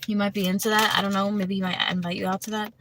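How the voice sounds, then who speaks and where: Over a very noisy recording, a woman with a medium-pitched voice reads tarot on a livestream at a quick pace with a flat delivery. Talkative and quick to laugh, she calls her viewers by name and peppers her speech with "you know" and "like."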